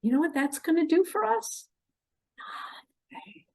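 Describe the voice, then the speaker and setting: Impassioned woman with a lively, swooping voice. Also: extremely high pitch, fairly quick, gravelly, slight background noise. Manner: impassioned, swings between loud pleas and hushed asides. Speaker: self-described spiritual messenger. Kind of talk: emotional monologue to camera.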